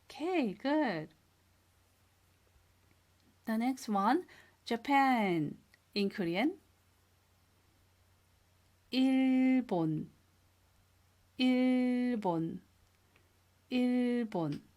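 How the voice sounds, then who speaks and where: A woman teaching a beginner language lesson, speaking slowly and clearly, repeating each word and praising the learners. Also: on the high side, animated, a little mellow. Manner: patient, drills words twice and praises learners. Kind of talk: slow, clear classroom instruction.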